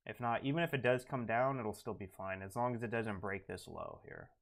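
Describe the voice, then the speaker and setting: A man's voice: on the low side, a little fast, vocal fry. A man streaming live as a day trader, talking casually and thinking aloud, his voice dropping to mumbled asides as he reads charts and headlines. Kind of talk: live trading commentary.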